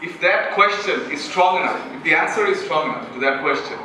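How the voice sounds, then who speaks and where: A man's voice: fairly high pitch, animated, a little fast, pushed and bright, slight background noise. A young man from Bangladesh with a Bangladeshi English accent gives an earnest, self-deprecating motivational talk as a student speaker and asks the audience questions. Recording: echoey hall from far off.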